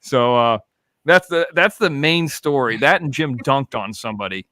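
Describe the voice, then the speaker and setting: A man's voice: mid-range voice, normal speed, bright, forceful tone, dry recording, clean studio sound. A man in his forties from Florida, a podcast host telling rambling, profane stories in casual chat. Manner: rambling, profane, laid-back.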